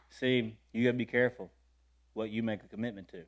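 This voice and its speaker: A male preacher telling stories in a sermon in a folksy, conversational way, swinging between loud and quiet and often laughing. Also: fairly low pitch, quick pace, background noise. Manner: lively storytelling with wide swings in loudness and frequent laughter. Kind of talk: storytelling sermon.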